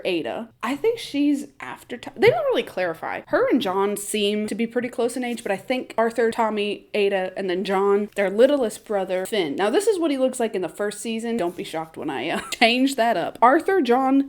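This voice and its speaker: A woman's voice: mid-range voice, a little mellow. A woman vlogging from a room at home, recapping a TV show in a rambling, casual way and often laughing at herself. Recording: roomy echo.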